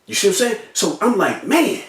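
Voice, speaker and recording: A young man telling a personal story in an animated way, acting out voices and sound effects with street slang. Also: high-pitched, quick pace, recorded from a distance. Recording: echoey room, off-mic.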